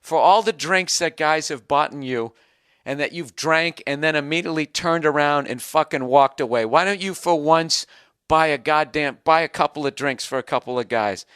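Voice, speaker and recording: A man's voice: on the high side, normal speed, fairly bright tone, clear, resonant tone, dry recording, studio quality, natural voice. A man voicing a smug, grinning friend who needles with mock politeness. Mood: needling.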